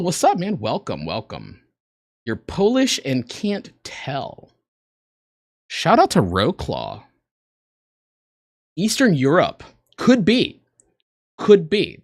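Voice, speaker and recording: Guy rambling on his stream, lively voice, dry close mic, joking about himself. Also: on the high side, no echo. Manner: rambling, self-deprecating, joking with chat. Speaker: livestreamer. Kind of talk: casual reaction stream chat.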